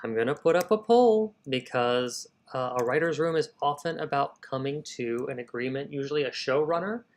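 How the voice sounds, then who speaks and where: He talks at normal speed with a medium-pitched voice, running a live writing session where he chats casually, thinks out loud energetically and calls everyone watching "y'all."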